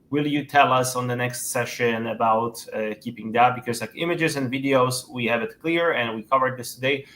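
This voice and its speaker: A man's voice: medium pitch, pushed and bright, reverberant. A man hosting an online class, asking the guest questions and wrapping up the session. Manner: friendly, thanking and wrapping up. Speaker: webinar host.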